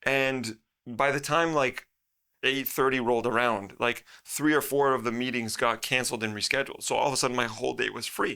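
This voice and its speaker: A man's voice: medium pitch, fairly quick, creaky, clean tone. A middle-aged man telling a story as a podcast guest, rambling and laughing often. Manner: rambling, laughs often, animated when quoting. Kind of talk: casual storytelling.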